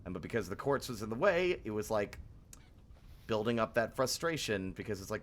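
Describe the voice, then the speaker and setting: A man's voice: lowish voice, animated, fairly quick. A young man live-streaming a game, talking casually and frankly, grumbling and swearing freely.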